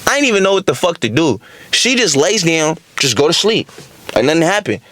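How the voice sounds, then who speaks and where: A young man telling a casual storytime on his vlog, animated and heavy on profanity and street slang. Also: fairly high pitch, brisk, slight background noise. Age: young adult. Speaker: vlogger.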